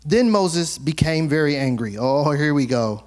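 A man's voice: fairly high pitch, measured pace. A male pastor preaching a sermon, reading scripture aloud and breaking into humorous, colloquial asides that act out the people in the story. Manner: animated, acts out characters in colloquial asides; reads scripture aloud then comments with humor.

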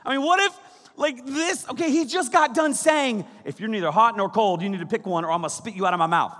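Male pastor, 30s, high and bright, comic storyteller in the pulpit, big reverberant church hall. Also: fast talker. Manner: jokey, acts out scenes with sudden shouts. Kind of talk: animated sermon.

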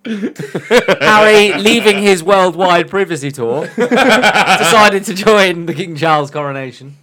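Animated joking man in casual banter. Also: sits high, takes it slowly. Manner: jokey, sweary, laughs often. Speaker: podcast co-host.

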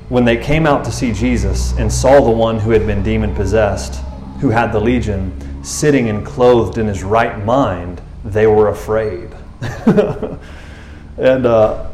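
A man's voice: fairly low pitch, darkish tone, echoey room. A man preaching a casual sermon as pastor, chatting and joking and acting out the people in the story. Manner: conversational, jokey, acts out voices of people in the story.

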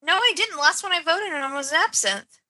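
A woman on a podcast panel, teasing the others with deadpan jokes. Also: very high-pitched, moderate pace, dry recording. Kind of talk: casual podcast banter.

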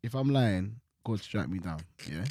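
A young man tells stories on a casual podcast, and his pitch swings widely as he gets excited. The sound is dry and close, with no room around it. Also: a little slow, dry recording. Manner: animated storytelling, voice jumps up in excitement. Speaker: guest co-host.

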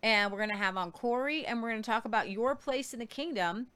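A woman's voice: fairly high pitch, brisk, fairly bright tone, clean tone. A woman hosting a casual news show, earnest and a little preachy, stumbling over foreign names. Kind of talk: casual news commentary with faith talk.

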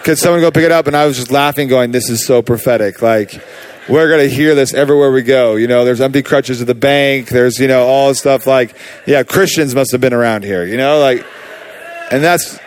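A man preaching, telling a personal healing story in a casual, animated way with many fillers. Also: mid-range voice, fairly quick. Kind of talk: sermon testimony.

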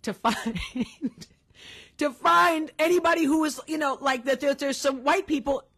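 A woman co-hosting a casual podcast, telling stories in an animated, emphatic way with many restarts. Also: high voice, a little slow. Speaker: podcast co-host. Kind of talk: casual conversational podcast chat. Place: Los Angeles.

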